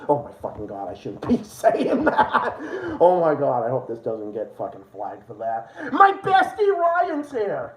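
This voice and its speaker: A man's voice: high-pitched, huge pitch swings, normal speed, hardly any pauses. A man hosting a livestream, ranting with heated, profane political commentary. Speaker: livestream host. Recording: roomy echo.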